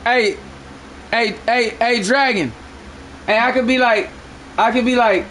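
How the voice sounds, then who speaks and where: A man live-streaming a game, bantering loudly with friends in profane slang. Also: extremely high pitch, a little slow, long pauses, a little hiss or hum.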